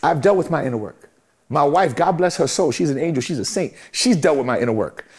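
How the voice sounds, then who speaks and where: Emphatic New man, higher voice. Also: expressive, a little fast, darkish tone, breathy edge. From Brooklyn, New York. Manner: emphatic, repetitive, motivational. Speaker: guest, music manager. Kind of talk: candid interview talk.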